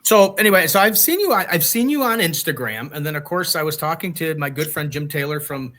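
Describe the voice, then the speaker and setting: Bright-voiced chatty male podcast host. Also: on the high side, expressive, fairly quick. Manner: chatty, teasing, rambling. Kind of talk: casual chat.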